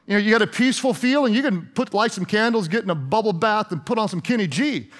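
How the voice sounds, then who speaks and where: High-voiced, sarcastic male pastor. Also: lively intonation, quick pace. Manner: conversational, sarcastic, repeats words while speaking. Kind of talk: sermon.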